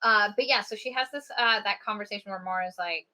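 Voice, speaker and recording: Bright-voiced woman retelling a plot. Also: medium pitch, fast. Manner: retells the plot animatedly, acting out lines. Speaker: podcast co-host. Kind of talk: casual book review chat.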